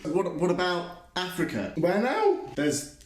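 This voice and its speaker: A man's voice: a little high, animated, unhurried, darkish tone, reverberant. A man doing comedic sketch commentary, arguing in a stammering, mock-earnest way.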